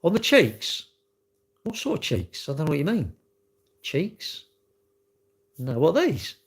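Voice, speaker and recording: A middle-aged man chats casually with his viewers, rambling from one thing to the next in a cheeky, joking way. His voice sits a bit high for a man and swings up and down a great deal as he acts out quoted exchanges. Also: huge pitch swings, moderate pace. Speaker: livestream host reading chat.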